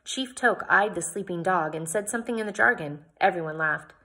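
Bright, husky woman reading a novel. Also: fairly low pitch, fairly quick. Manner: expressive first-person narration. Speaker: audiobook reader.

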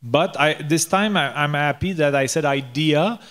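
Slow, halting man. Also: a little high, fairly bright tone. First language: French. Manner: halting, searching for English words. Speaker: podcast co-host. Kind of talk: casual chat.

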